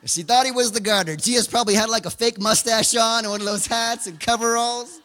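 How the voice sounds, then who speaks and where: A man preaching a sermon, telling the story in an animated way and acting out scenes. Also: very high voice, fast, big-room sound. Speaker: pastor.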